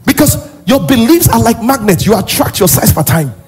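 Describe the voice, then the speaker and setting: A male pastor with a Nigerian accent preaching a sermon emphatically, rising into shouts and sing-song. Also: very high voice, expressive, brisk, slightly rough, faint music behind.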